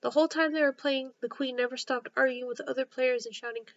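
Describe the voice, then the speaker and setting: A woman storyteller narrating a classic children's book in a gentle, steady read-aloud style. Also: high voice, fast talker, lo-fi sound.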